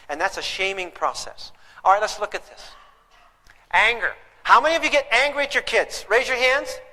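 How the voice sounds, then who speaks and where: A man's voice: high-pitched, pushed and bright. An older man giving a live parenting lecture, telling stories emphatically and putting questions to his audience. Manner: asks the audience rhetorical questions; storytelling, emphatic. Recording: long hall reverb.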